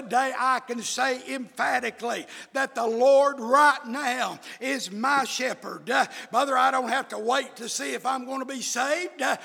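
A male preacher who preaches in bursts, shouting his emphatic lines, with many "uh" fillers. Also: extremely high pitch, gravelly, breathy edge. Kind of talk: fiery sermon. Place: church. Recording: echoey hall with long reverb.

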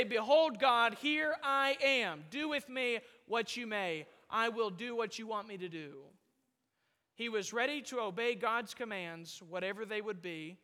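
A man's voice: extremely high pitch, pushed and bright. A man preaching a sermon to a congregation, emphatic and rising and falling in volume, heard in a church hall. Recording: long hall reverb.

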